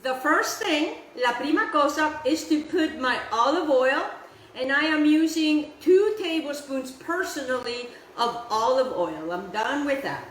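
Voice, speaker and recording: A chatty woman walks her viewers through a recipe with real enthusiasm and slips Italian phrases in as she goes. Her voice sits high, and it carries a roomy echo over faint background noise. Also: expressive, unhurried. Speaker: cooking show host. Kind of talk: casual cooking demonstration. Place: outdoor kitchen, windy.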